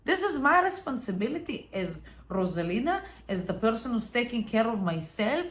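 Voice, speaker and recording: A woman's voice: on the high side, sing-song, moderate pace. Earnest woman giving motivational advice. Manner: earnest, emphatic, with restarts. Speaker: vlogger. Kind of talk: motivational talk to camera.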